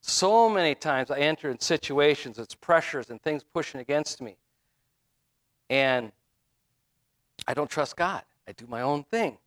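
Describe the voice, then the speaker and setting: A man's voice: on the high side, animated, unhurried, long pauses, fairly bright tone. A middle-aged man giving a conversational sermon as a minister, with frequent fillers and restarts.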